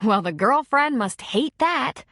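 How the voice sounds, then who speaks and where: A woman's voice: medium pitch, measured pace, fairly bright tone, dry recording, clean studio sound. A woman reading an audiobook, voicing a hurt young woman who answers her ex sarcastically and with indignation. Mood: angry. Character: young woman, angry and hurt, sharp-tongued.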